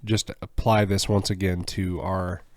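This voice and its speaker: A man's voice: low-pitched, level tone, normal speed, no echo, clean studio sound. A man co-hosting a podcast, thoughtful and asking questions. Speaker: podcast co-host. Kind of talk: casual podcast conversation.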